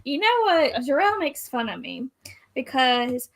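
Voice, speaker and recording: A woman with a fairly high voice co-hosts a relaxed live stream. She jokes about herself, trips over words now and then, and keeps the tone light. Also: a little slow. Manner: playful, self-mocking, stumbles over words. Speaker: co-host. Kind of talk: casual live-stream chat.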